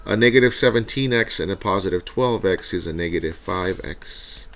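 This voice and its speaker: A man teaching a recorded math review lesson. He talks through each step out loud and often checks in with a quick "right?". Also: low voice.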